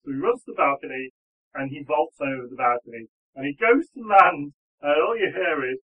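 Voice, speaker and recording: Giggly game master on a tinny line. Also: male voice, a little high, a little fast. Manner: giggly, animated storytelling. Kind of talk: narrating a tabletop game.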